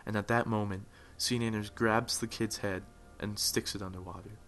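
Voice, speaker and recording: Young male gamer narrator, lowish forceful voice, over-the-top motivational speech, soft music behind. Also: flat delivery, normal speed. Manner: builds to loud, fervent swells. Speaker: gaming video narrator. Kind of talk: mock-dramatic motivational narration. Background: faint music.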